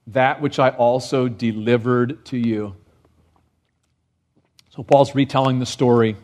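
A man preaching a sermon to his congregation, animated, rising in pitch for emphasis and asking rhetorical questions. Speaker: pastor.

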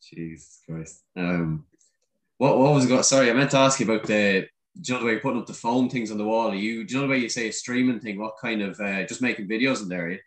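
Man, podcast host, low voice, casual rambling questions, swearing, echoey room. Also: fast. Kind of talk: casual interview chat.

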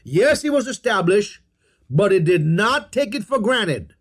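Man, preacher, sermon, emphatic, repeats phrases, slow delivery. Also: sits high, sing-song, husky. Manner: emphatic, repeats key phrases and tells listeners to underline.

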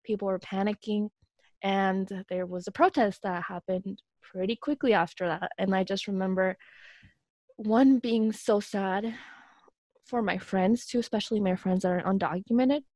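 A woman's voice: medium pitch, fairly even intonation, normal speed, a little mellow, no room sound, studio quality. A young woman in a casual chat, speaking in an earnest, reflective way.

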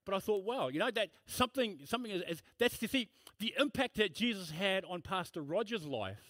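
Emphatic high-voiced male preacher. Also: expressive, brisk, sharp tone, no room sound. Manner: emphatic, repetitive preaching with storytelling asides. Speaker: pastor. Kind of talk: sermon. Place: church.

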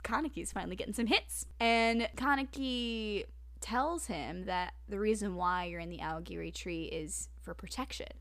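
A woman's voice: medium pitch, moderate pace, a bit bright. A woman co-hosting a casual show, recapping an anime episode, teasing and giggling as she acts out the characters' lines. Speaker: podcast co-host.

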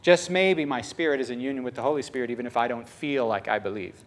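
A man giving a casual, story-filled sermon, chatty and animated, often laughing and acting out what people said. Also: mid-range voice, fast, a little hiss or hum. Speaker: pastor.

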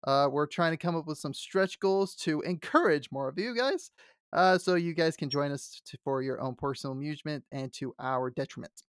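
A man co-hosting a fantasy podcast in casual chat, excitable and laughing often, stumbling over his words. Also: fairly high pitch, normal speed, no room sound, studio quality. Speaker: podcast co-host.

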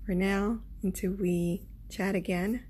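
A woman talks slowly and evenly, keeping a flat, level tone as she gives spiritual guidance. She is calm and encouraging, and repeats each affirmation so listeners can say it with her. A faint noise runs under her voice. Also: mid-range voice. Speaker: astrology and crystal reader. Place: new, not yet quiet spot. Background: faint background noise.

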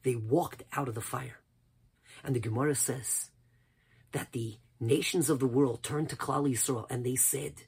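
A rabbi giving an impassioned sermon, swinging from loud cries down to near whispers. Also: male voice, medium pitch, steady tone, measured pace, breathy edge.

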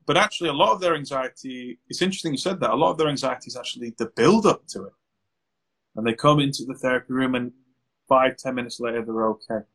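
Husky man, animated therapist. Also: a little high, poor audio. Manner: animated, acts out client exchanges. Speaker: anxiety therapist, guest. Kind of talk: conversational interview answers.

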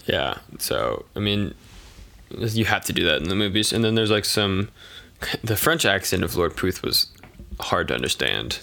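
A man co-hosting a movie podcast keeps dropping wry one-liners into the casual chat. His voice is slightly low, with a bright, sharp ring. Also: very animated, gravelly. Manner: wry, quick quips. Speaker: podcast co-host.

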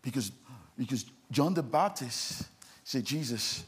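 Male pastor, sermon, insistent and repetitive, gravelly husky voice. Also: medium pitch, unhurried.

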